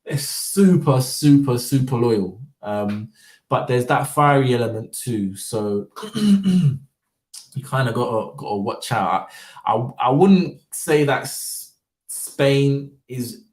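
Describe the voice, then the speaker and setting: A man's voice: medium pitch, expressive, slow pace, a little mellow, far from the mic. A man talking in a casual, rambling monologue, full of fillers and repeated words. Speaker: vlogger. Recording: roomy, voice off-mic.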